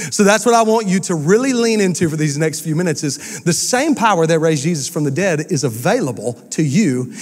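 Pastor, male, high voice, lively storytelling sermon delivery, church hall with long reverb. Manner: energetic storytelling preacher. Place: church sanctuary.

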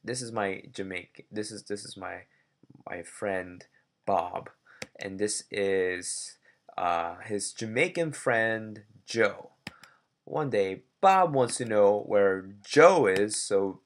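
A man's voice: lowish voice, slow pace. A man teaching a physics lesson, mixing in playful, jokey asides. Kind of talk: classroom lesson.

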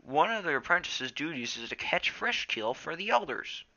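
A man's voice: a little high, very animated, moderate pace, vocal fry, sharp tone, muffled recording, pitched above the performer's own voice, full character voice. A young man doing an eager young apprentice tomcat. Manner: eager, friendly. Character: young friendly male apprentice cat.

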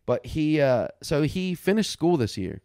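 A man's voice: on the high side, unhurried, clear, resonant tone, no room sound, clean studio sound. A man co-hosting a podcast, telling a family story in casual, profane chat and acting out what people said. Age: young adult or 30s, a father. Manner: profane, animated storyteller who acts out quotes. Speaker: podcast co-host.

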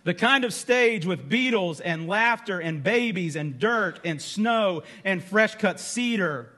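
A man preaching a sermon in church, conversational and candid, his voice dropping low and quiet on key words. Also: expressive, slow. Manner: candid asides with fillers. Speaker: pastor.

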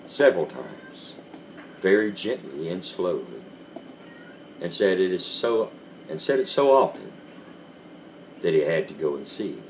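A man reads a classic tale aloud in a very low, deep voice. He takes his time, drawing each phrase out slowly with dramatic pauses. Faint background noise sits under the reading. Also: gravelly. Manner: slow, deliberate storytelling with dramatic pauses. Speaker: reader.

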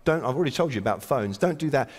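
A wry, self-deprecating keynote speaker opens a conference from a large hall stage, exhorting the audience. His mid-range voice has lively intonation and a very fast pace, with the long reverb of a big hall.

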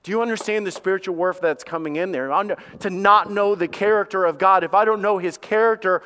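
A pastor delivers an impassioned sermon in a fast, pushed, bright voice, with a slight hiss or hum on the recording. He stammers over repeated words and imitates the voices of doubters, his pitch rising as he does.

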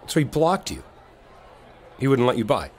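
Swearing protective boyfriend, lively voice. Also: male voice, mid-range voice, normal speed, a little hiss or hum. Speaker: ASMR audio performer playing a protective boyfriend. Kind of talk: boyfriend role-play audio.

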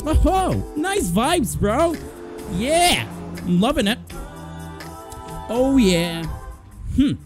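A young man calls out a horror game as he plays it, loud and joking, with swearing and frequent laughter. His high voice jumps all over the place, and faint game music runs underneath. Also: very animated, extremely slow, long pauses. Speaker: gaming video host. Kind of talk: let's play commentary.

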